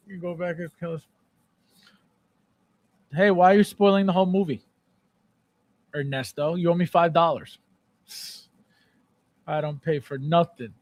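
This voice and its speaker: High-voiced animated male livestream host. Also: dry recording. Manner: animated, repeats phrases, playful shouting bits. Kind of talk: casual live chat reading viewer comments.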